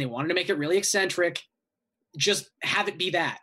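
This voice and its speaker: A man co-hosting a podcast, casually thinking out loud in an agreeable way. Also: high voice, moderate pace. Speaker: podcast co-host. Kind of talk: casual chat.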